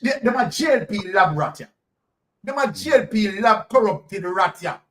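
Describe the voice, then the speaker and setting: Jamaican man hosting a heated talk, high-ish voice, rhetorical and fiery, picked up from a distance. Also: animated, moderate pace. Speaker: host. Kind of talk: heated commentary.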